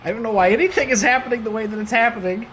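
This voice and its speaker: A man streaming and commentating a wrestling video game, excitable and laughing, with casual swearing and playful trash talk. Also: extremely high pitch, very fast, a little hiss or hum. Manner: excitable, laughing, bursts of disbelief.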